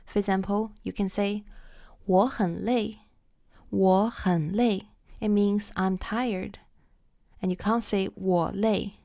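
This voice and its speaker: A woman teaching Chinese in a scripted lesson, repeating each example phrase slowly and carefully for learners. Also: medium pitch, darkish tone, no room sound, clean studio sound.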